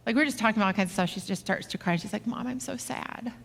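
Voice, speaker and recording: A middle-aged woman co-preaching with her husband, telling a personal story in a candid, halting way with many fillers. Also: mid-range voice, a bit bright. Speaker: pastor's wife, co-speaker. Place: church auditorium. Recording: reverberant hall.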